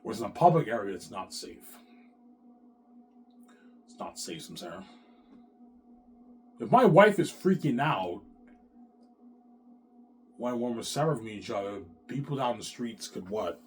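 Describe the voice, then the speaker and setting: A man's voice: on the low side, expressive, normal speed, long pauses, darkish tone, a little hiss or hum. A man talking straight to his viewers in a long, rambling, profane monologue, repeating himself and restarting his sentences. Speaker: vlogger.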